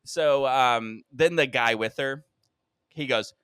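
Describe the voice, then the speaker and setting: A male podcast co-host telling a story in casual chat, animated, acting out other people's lines and laughing often. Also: mid-range voice, takes it slowly, clear, resonant tone, dry recording, studio quality. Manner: animated, acts out quoted voices, laughs often.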